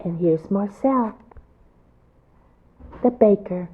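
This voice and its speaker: A woman's voice: mid-range voice, slow pace, slightly rough. A woman reading a picture book aloud to children as a storyteller, with chatty asides about the pictures. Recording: tinny phone-like sound.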